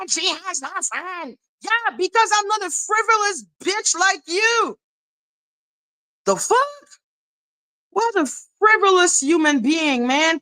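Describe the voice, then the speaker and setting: A woman's voice: very high-pitched, bright, forceful tone, no room sound, rough recording. A woman live-streaming a heated, profane rant, scornful and mocking. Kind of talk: heated ranting commentary.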